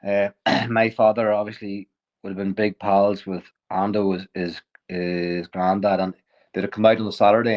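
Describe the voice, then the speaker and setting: A man tells a story as a podcast guest, chuckling as he goes and often stopping to restart a sentence. His voice sits fairly low. The recording sounds a little muffled. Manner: lively anecdotal, chuckles often, frequent restarts. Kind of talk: casual storytelling.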